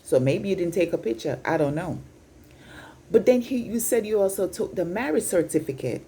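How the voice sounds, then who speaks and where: A woman's voice: fairly low pitch, expressive, normal speed, mellow, slight background noise. A Jamaican woman in her fifties giving an incredulous, scolding opinion vlog, slipping in and out of patois. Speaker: vlogger.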